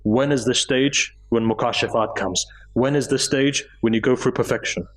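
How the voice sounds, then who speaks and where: A man's voice: steady tone, normal speed, rough recording. Man giving an emotive mosque sermon. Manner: emotive storytelling, rising pitch in emotional passages. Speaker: speaker at a mosque gathering. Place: mosque hall.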